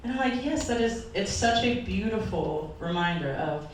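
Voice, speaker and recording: A woman's voice: mid-range voice, lively intonation, normal speed, a little hiss or hum. A woman pastor giving an earnest, emotional sermon, her voice sometimes wavering as if near tears. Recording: echoey hall from far off.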